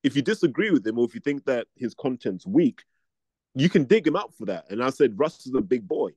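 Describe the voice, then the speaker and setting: A man in casual chat, calm and reasoning, calling people mate. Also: medium pitch, a little fast, husky, no room sound.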